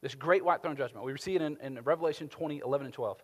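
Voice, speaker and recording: Male pastor, fairly high voice, sermon delivery, long church-hall reverb. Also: very fast. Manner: animated, rising to emphatic peaks then dropping soft.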